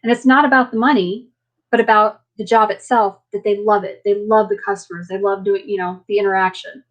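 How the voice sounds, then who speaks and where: A woman's voice: medium pitch, steady tone, a little fast, low-quality recording. A woman hosting a casual live chat, rambling through personal stories and laughing often between sentences. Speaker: livestream host.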